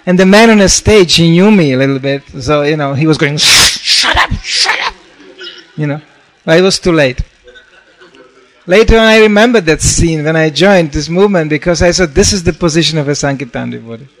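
A man's voice: a little high, a little fast. Storytelling man preaching a sermon. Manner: storytelling with acted-out quotes, frequent "you know". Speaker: monk preacher.

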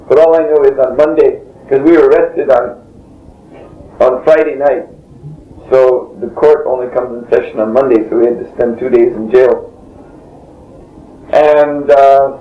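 A man being interviewed, telling a long story in a rambling way, often breaking off and chuckling. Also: mid-range voice. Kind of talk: casual spoken storytelling. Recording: dull lo-fi tape in a roomy space, faint hiss.

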